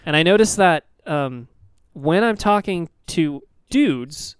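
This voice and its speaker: Brief: young male radio co-host, smooth clear voice, dry studio sound, rambling jokey storyteller. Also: on the high side, animated, slow pace, no room sound. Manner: rambling, joking storyteller who swears freely. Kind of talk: casual chat.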